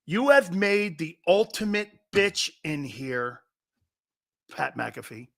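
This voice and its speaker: A brash middle-aged man hosts a live sports talk show, reading chat messages and firing back with crude, joking banter. His voice sits a touch high and swings widely in pitch, which makes it lively and animated. He never stops needling his viewers. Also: takes it slowly, creaky.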